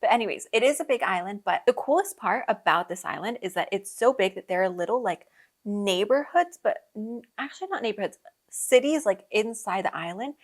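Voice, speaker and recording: With a medium-pitched, expressive voice and a brisk pace, a young adult woman hosts a podcast of casual travel stories. Her delivery is chatty, full of laughs and fillers.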